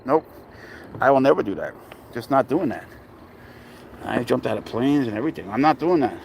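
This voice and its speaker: A man's voice: medium pitch, animated, normal speed, vocal fry, darkish tone, slight background noise. A man filming his cat at an outdoor playground, chatting casually with profane, exasperated banter. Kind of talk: casual vlog chat.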